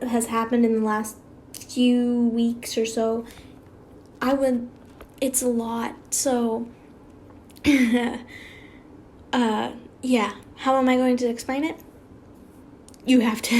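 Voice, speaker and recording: Chatty woman reader, rambles and trips over words, somewhat high voice, faint background noise. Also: a little mellow. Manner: rambling, self-interrupting, giggly. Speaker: YouTube fan fiction reader. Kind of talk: casual read-aloud with chatty asides.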